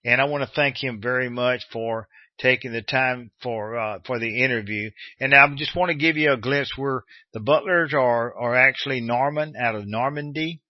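A man's voice: medium pitch, normal speed, no echo, highs cut off. A man from the United States hosting a radio show, talking casually and rambling with many restarts and fillers.

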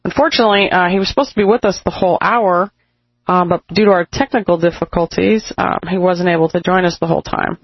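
A woman co-hosting a radio talk show, rambling and halting with many fillers. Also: lowish voice, husky, no echo. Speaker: radio co-host. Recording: muffled lo-fi radio sound.

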